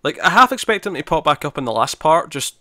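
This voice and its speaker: A man's voice: fairly high pitch, very animated, fast, pushed and bright, no room sound, clean studio sound. A man co-hosting a podcast in casual chat, chatty and laughing often, acting out quotes as he talks. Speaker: podcast co-host.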